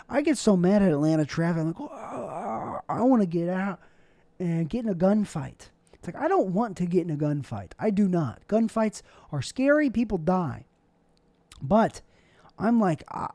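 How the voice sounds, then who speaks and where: A young man talks through his thoughts in a loose, rambling monologue, cracking jokes at his own expense as he goes. His voice sits on the higher side with a dark, mellow tone. The recording is dry and close, with no room sound. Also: very animated, normal speed, dry recording. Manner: rambling, self-deprecating, jokey asides. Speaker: podcast host.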